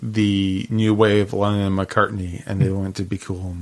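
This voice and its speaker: A man co-hosting a podcast, chatting casually about music, unhurried and hesitant, often laughing. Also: low-pitched, flat delivery. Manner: unhurried, giggly, hesitant with fillers. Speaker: podcast co-host.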